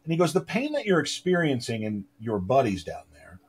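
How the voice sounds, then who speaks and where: A man on a podcast, rambling in casual chat, halting and restarting, with a mock-formal tone. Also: medium pitch, huge pitch swings, husky. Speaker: podcast co-host.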